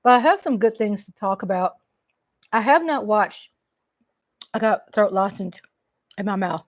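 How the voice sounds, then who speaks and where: A woman's voice: medium pitch, animated, moderate pace, no echo. A middle-aged woman from Texas with a Texan accent, chatting casually with viewers on a live stream at home and greeting them by name.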